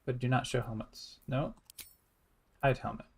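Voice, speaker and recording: A man's voice: medium pitch, fairly even intonation, moderate pace, gravelly, darkish tone, slightly rough. A man giving casual, rambling let's-play commentary, thinking aloud in a wry tone. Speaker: gameplay streamer.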